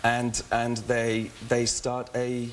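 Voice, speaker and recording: A man with an English accent, a guest actor talking quickly and chattily on a talk show, with frequent restarts. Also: medium pitch, completely flat delivery, noisy background. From England. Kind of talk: casual talk show interview.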